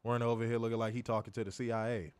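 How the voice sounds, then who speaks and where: A man's voice: medium pitch, flat delivery, very fast, clear, resonant tone, dry recording. A man with a Chicago accent hosting a casual wrestling review show, ranting and swearing in heated bursts. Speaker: podcast host.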